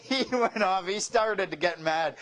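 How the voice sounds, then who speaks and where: A man tells stories to an audience in a wry, joking way, landing his punchlines dry. His speaking voice sits high for a man. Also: measured pace, fairly bright tone. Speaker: speaker giving a talk. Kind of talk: storytelling talk with jokes.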